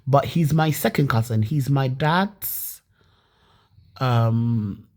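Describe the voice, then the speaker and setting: A woman's voice: very deep voice, slow pace, darkish tone. A woman from Leeds telling her own story casually and animatedly, with many restarts and some swearing. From Leeds, England.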